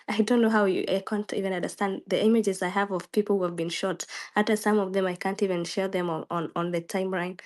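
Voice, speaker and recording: Kenyan woman host; emotional, insistent, code-switching to Swahili. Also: mid-range voice. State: emotional, near tears. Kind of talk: live audio space discussion.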